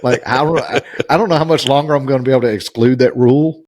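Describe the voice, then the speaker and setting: A man co-hosting a podcast in casual chat, chatty and quick with asides. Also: mid-range voice, darkish tone. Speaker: podcast co-host. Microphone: studio podcast mic.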